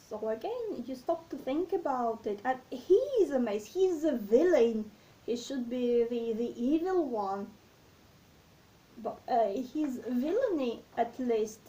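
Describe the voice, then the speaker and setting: A woman with a high, warm, mellow voice talks through a play at a slow, thoughtful pace, pausing on fillers and restarting her sentences. She sounds a little distant from the microphone. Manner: hesitant, many fillers and restarts. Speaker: literature talk host. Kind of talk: slow reflective explanation of a play. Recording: voice distant from the mic.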